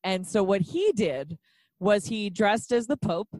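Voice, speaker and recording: A woman's voice: mid-range voice, unhurried, dry recording. A woman in her thirties chatting casually as a podcast co-host, telling stories and acting out quotes, with plenty of swearing. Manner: animated storyteller, swears freely, acts out quotes. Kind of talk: casual chat.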